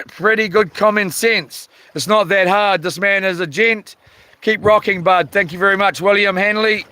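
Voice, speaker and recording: A man's voice: high voice, fairly even intonation, moderate pace, sharp tone, poor audio. A man with a New Zealand accent hosting a casual live stream, reading chat comments in a laid-back way with lots of ums and chuckles.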